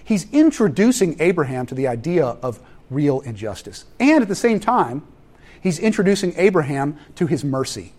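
Animated male preacher, thirties, wide-ranging and slightly high delivery, storytelling sermon. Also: moderate pace. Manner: animated, acts out family scenes with voices. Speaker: pastor.

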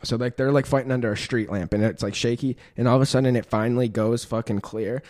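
A man's voice: medium pitch, fairly even intonation, fast talker, a little mellow. A man in his twenties tells a story in a loose, rambling podcast chat. His speech is profane and crammed with filler words. He is a guest talking to the host. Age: 20s. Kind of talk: casual storytelling.

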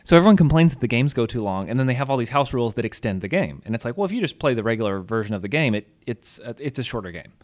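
A man in easy, casual conversation, his pitch rising and falling a lot as he tells stories. He laughs often and talks in a loose, friendly way. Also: very fast, hardly any pauses. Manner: storytelling, laughs often, lively. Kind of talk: casual chat.

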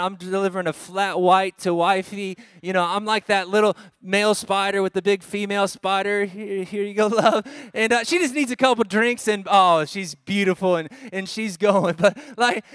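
High smooth voiced guy preaching at church, chatty and upbeat, dry mic. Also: dry recording. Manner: energetic, conversational preaching with asides. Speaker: guest preacher. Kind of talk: sermon. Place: church service.

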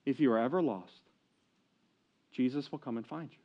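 A man's voice: medium pitch, moderate pace, lightly acted. A man putting on an eager little girl. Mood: thoughtful. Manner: eager, breathless chatter. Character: excited little girl, about four or five. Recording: dull lo-fi recording.

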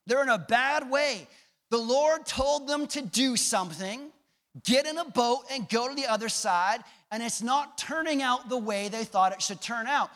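A man's voice: very high-pitched, normal speed, a bit bright. A man preaching a sermon in a conversational way, often asking the audience questions. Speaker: pastor. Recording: echoey hall.

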